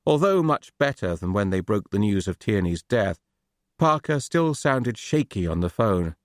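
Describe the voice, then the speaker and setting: A man reading a mystery audiobook aloud in a steady, even narration. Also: lowish voice, moderate pace, no room sound, studio quality.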